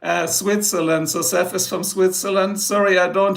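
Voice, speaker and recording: A man's voice: high voice, steady tone, normal speed, gravelly, few pauses, a bit bright. A middle-aged man with a German accent, a native German speaker, rambling and joking with his chat viewers during a casual livestream.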